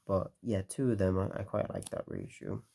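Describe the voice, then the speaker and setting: A tired man talking casually through a card game deck, relaxed and rambling with lots of fillers. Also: deep voice, normal speed, gravelly.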